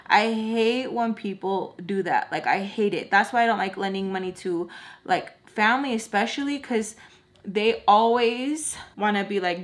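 A woman's voice: mid-range voice, normal speed. Young adult woman, vlogger, chatty storytime delivery, mid-range voice, jumps into quoted voices. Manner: animated, acts out quotes with voices, slangy. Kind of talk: storytime while doing makeup.

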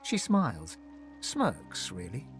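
A man narrating a video game in measured, descriptive storytelling, with game music behind him. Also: on the low side, wildly swooping pitch, heavily acted. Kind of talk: scripted narration.

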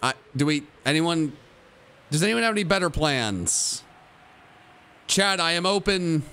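Smooth-voiced man streaming a game. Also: very animated, a little slow. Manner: muttering to himself, jokey, bursts of high-pitched yelling. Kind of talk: live gameplay commentary.

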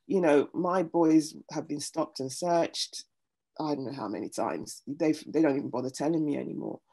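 A middle-aged woman speaking earnestly as an interview guest, animated when retelling stories. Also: sits low, moderate pace, slightly rough. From United Kingdom. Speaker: interview guest, pastor and former nurse. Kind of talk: reflective conversation.

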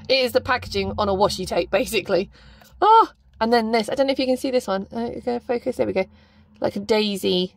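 A woman chatting casually through an unboxing, excitable and gushing, gasping and squealing over each item. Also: mid-range voice, dry recording. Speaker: planner unboxing vlogger.

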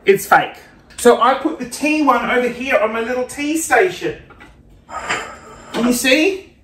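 A young man vlogging a casual shopping haul, playful and self-mocking, with sudden excited gasps. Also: very high voice, a little slow, a little hiss or hum. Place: room at home. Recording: roomy home recording.

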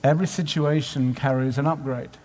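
A man's voice: medium pitch, fairly even intonation, a little fast, warm tone. A man preaching at a conference in a conversational way, asking many rhetorical questions. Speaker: conference speaker. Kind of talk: sermon. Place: conference hall. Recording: live hall with long reverb.

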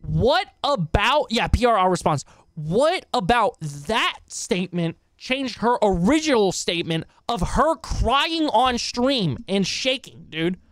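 A man hosting a live reaction stream, cursing and firing back at what he reads on screen. His voice is worn hoarse from hours of talking. The sound is dry and close, with no room echo. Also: high-pitched, very animated, slow pace, a bit bright. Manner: profane, exclaiming, talks back at what he reads. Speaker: streamer reacting to online drama.

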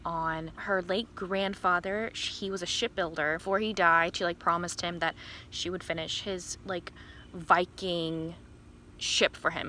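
A woman's voice: lowish voice, pushed and bright, slight background noise. A woman in her early twenties, chatting casually outdoors about a book she is reading, giggly and full of "like". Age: early 20s. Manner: chatty, giggly, heavy use of "like". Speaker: book vlogger. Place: outdoors in sunlight.

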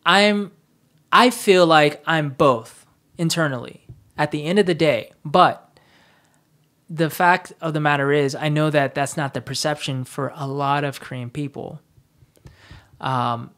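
A woman's voice: low-pitched, measured pace, a bit bright. A woman guest in a casual conversation, speaking reflectively, often restarting as she searches for words.

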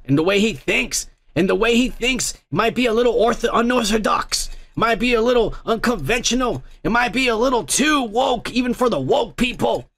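A man's voice: high-pitched, creaky, a bit bright. A man hosting a podcast, reading viewer comments aloud in casual, rambling, profane chat. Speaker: podcast host.

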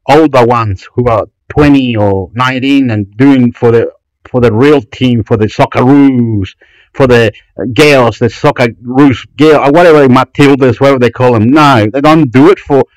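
A Chilean man who hosts a channel rambles through websites, his ranting commentary profane and full of restarts and swearing. His medium-pitched voice comes through with no echo but poor audio.

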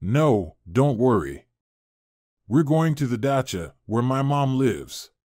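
A man's voice: mid-range voice, big pitch swings, takes it slowly, a little mellow, dry recording, clean studio sound. A man voicing a polite, concerned young man who is helping a lost girl, in an earnest, courteous tone.

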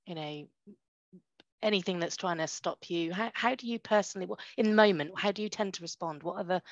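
A woman's voice: on the low side, a bit bright, dry recording. A woman interviewing a conference guest, encouraging and asking questions with hesitant fillers. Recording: dry, dull lo-fi sound.

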